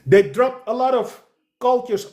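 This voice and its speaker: A middle-aged man hosting a live stream, speaking haltingly with many fillers. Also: very high voice, warm tone.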